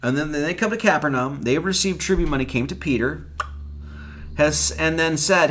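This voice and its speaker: A man's voice: a little high, normal speed, fairly bright tone. A man preaching a casual, conversational Bible-study sermon, acting out the quoted lines and swearing now and then.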